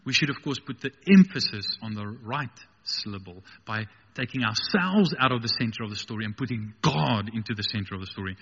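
A man's voice: medium pitch, sharp tone, slightly rough, in a large hall, dull audio. A man preaching a sermon with passion, building to emphatic peaks.

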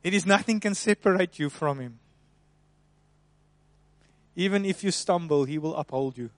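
A man preaching a sermon, swinging between soft, hushed passages and loud, emphatic ones. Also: a little high, normal speed, no room sound.

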